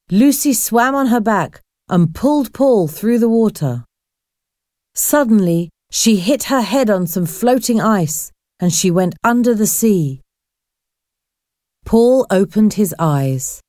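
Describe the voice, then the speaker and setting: A woman narrating a chapter of a story aloud in a clear, deliberate, expressive way. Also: medium pitch, dry recording, studio quality. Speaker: audiobook narrator. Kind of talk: slow graded-reader narration.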